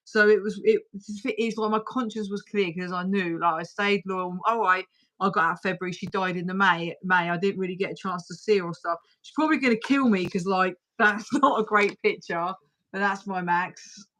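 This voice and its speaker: A woman's voice: medium pitch, fairly even intonation, moderate pace, fairly bright tone. A woman hosting a livestream and chatting casually, talking bluntly and swearing freely. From United Kingdom. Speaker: livestream host. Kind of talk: casual chat.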